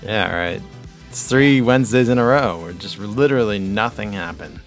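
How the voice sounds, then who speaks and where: A man's voice: on the low side, normal speed, soft background music. A man hosting a casual podcast, chatting in a rambling, self-deprecating way. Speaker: podcast host. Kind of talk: casual chat.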